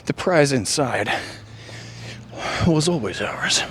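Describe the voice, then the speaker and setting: A man's voice: mid-range voice, animated. A man on a run outdoors, musing and joking in a rambling, winded monologue with sighs. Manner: musing, jokey, drawn-out sighs. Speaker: vlogger. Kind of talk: rambling running vlog monologue. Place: outdoor trail in the rain. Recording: faint outdoor rain hiss.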